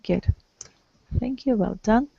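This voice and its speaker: A woman's voice: on the high side, slow, vocal fry, breathy edge, no room sound, dull audio. A woman teaching an English lesson to a small group, patiently prompting and correcting her students. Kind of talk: online group language lesson.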